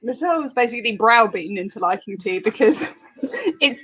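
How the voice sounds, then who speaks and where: A woman from London with an RP English accent, co-hosting a live stream in relaxed, casual chat. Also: a little high, brisk, breathy edge, no room sound, rough recording.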